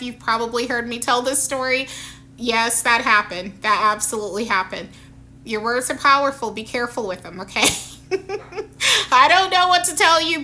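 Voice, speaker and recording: A woman's voice: sits high, bright, forceful tone. A woman telling a personal story in a casual, rambling vlog, full of fillers and self-corrections.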